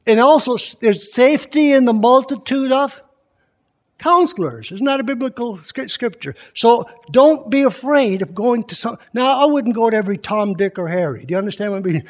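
Guy with a high voice preaching to a church crowd, chatty, keeps asking the room questions. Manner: keeps quizzing the congregation with questions; reads scripture aloud with added emphasis. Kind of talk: conversational church teaching.

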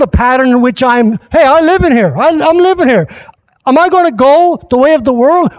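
A male pastor preaching a sermon at a church service, impassioned and rising at times to shouts. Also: very high-pitched.

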